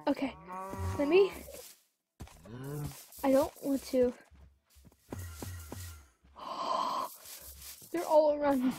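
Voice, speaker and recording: A woman's voice: sits high, a little slow, pauses often, dark tone, slight background noise. A woman giving let's play commentary, jumpy and gasping, chattering to the creatures in her game. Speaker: gamer.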